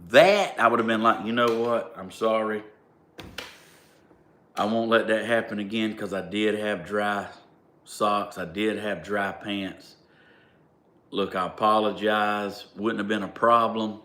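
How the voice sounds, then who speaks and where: Southern man, vlogger, low-voiced and blunt, talks plain and gets worked up. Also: fairly even intonation, a little slow, sharp tone. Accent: Southern US (Georgia). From Southern United States. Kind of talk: casual storytelling.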